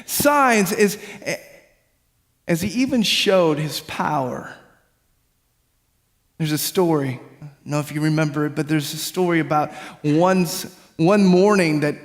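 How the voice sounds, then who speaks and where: A man preaching in an easygoing, conversational way, stumbling over repeated words before building to an emphatic point. His voice sits fairly high. The sound carries a long church-hall reverb. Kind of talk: sermon storytelling.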